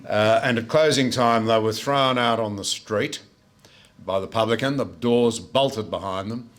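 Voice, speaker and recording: A man's voice: on the low side, fairly even intonation, normal speed, fairly bright tone. An older Australian man giving a speech at a book launch to a room of listeners, telling anecdotes with frequent "uh" fillers. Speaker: guest speaker. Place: room with a live audience.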